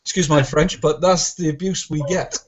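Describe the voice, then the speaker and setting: Welsh guy cracking sarcastic jokes, kinda high voice, muffled lo-fi call audio. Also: fairly even intonation, moderate pace. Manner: joking, sarcastic storyteller. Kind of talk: casual chat. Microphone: video call.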